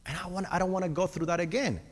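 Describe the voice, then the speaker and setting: A man's voice: high-pitched, steady tone, racing, big-room sound. A man preaching a sermon with personal testimony, earnest and speaking straight to the congregation. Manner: earnest, addresses the congregation directly.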